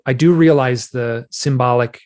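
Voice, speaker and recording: A man, a guest author, recounting a personal experience in conversation, acting out his own shouted lines as he tells it. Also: mid-range voice, unhurried. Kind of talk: telling a personal story in a conversation.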